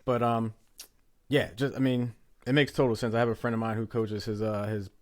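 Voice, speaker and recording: A man hosting a podcast, talking in an easygoing way with many pauses and filler words. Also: mid-range voice, level tone. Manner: easygoing, many ums and uhs. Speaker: podcast host. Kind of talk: casual conversation.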